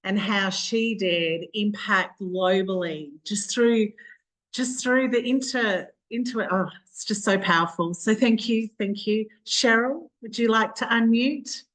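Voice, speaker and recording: A woman's voice: medium pitch, measured pace, fairly bright tone. A woman hosting a group video call, talking in an effusive, gushing, rambling way. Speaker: call host.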